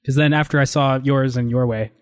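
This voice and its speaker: A man talking quickly during a casual movie commentary. He explains technical details in halting bursts, at an even, mid-range pitch. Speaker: podcast co-host. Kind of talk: casual chat over a film commentary.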